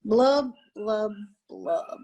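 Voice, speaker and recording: A woman's voice: medium pitch, extremely slow, dark tone, low-quality recording. A woman reading aloud as a glum, pouting male fish from a picture book, in a sing-song rhyming refrain.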